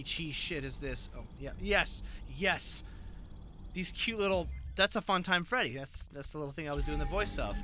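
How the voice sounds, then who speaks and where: A man's voice: on the high side, background noise. A man giving profane, jumpy let's-play commentary on a horror game, talking to himself as he plays. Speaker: gaming video host. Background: game music.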